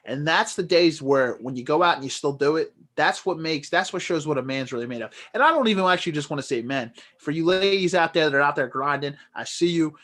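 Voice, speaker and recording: A man's voice: on the high side, animated, quick pace, hardly any pauses, a bit bright. A man co-hosting a podcast, talking earnestly and motivationally in casual chat with plenty of fillers. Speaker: podcast co-host.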